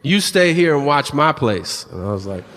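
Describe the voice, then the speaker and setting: A man's voice: mid-range voice, sing-song, moderate pace, in a large hall, heavy background noise. A man doing stand-up comedy with a wry, profane delivery, acting out the people in his stories. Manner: wry, profane, acts out quotes. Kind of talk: stand-up storytelling.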